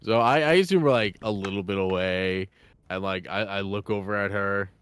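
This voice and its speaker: A man's voice: fairly low pitch, moderate pace, fairly bright tone, clear, resonant tone, soft background music. A man playing a tabletop role-playing game, joking, swearing often and laughing between lines. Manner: swears often, laughs a lot, talks in and out of character. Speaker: player. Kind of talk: tabletop role-play banter.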